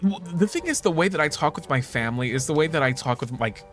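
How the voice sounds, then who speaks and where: A man's voice: lively intonation, quick pace, a bit bright. Swearing, laughing young man streamer. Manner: candid, swears often, laughs a lot; jumps into high mocking voices for quoted people. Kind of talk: casual chat while gaming. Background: game music.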